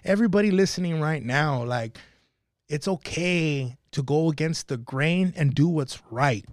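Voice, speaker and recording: A man's voice: on the high side, unhurried, no room sound. Passionate man telling street stories, dry mic. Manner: passionate, swearing, tells stories. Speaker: podcast guest. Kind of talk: casual podcast chat.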